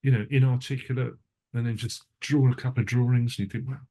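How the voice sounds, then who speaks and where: A man's voice: mid-range voice, fairly even intonation, quick pace, mellow. An older man, a cinematographer, telling stories in a casual interview, rambling and restarting himself often. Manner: rambling, self-interrupting storyteller; frequent restarts and asides.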